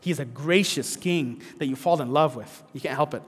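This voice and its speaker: A man's voice: mid-range voice, a little fast, breathy edge, in a large hall. A man preaching a sermon in an earnest way, with frequent restarts and fillers. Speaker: pastor.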